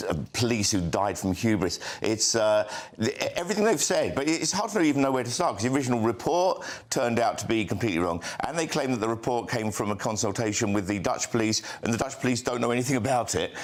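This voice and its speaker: Halting, deadpan male comedian. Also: mid-range voice. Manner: halting, with many restarts and deadpan punchlines. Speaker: comedian panellist. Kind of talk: comic panel banter.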